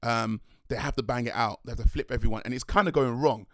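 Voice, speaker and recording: A young man, a dance crew leader telling a rambling, excitable story in a vlog. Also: mid-range voice, quick pace, no echo, clean studio sound. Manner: rambling, excitable, slangy, self-correcting.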